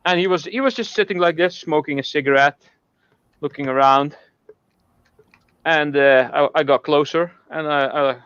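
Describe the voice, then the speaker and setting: A man's voice: a little high, moderate pace, a bit bright, clear, resonant tone, no room sound, dull audio. A man telling a long, rambling joke in casual chat, with many halts and restarts. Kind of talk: casual storytelling.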